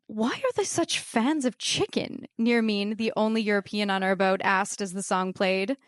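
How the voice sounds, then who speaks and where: A woman telling a comedic true story to a live audience with wry, deadpan asides. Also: mid-range voice, clear, resonant tone, dry recording, studio quality.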